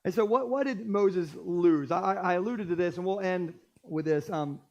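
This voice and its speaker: Animated jokey pastor preaching, high voice. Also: male voice, moderate pace, muffled recording. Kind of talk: sermon. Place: church stage.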